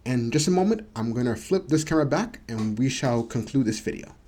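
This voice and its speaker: A man hosting a casual video lesson, slowly drawing out words as he demonstrates them. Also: mid-range voice, animated, warm tone. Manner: slow, drawn-out demonstration of words. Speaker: language teacher and channel host. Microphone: camera mic.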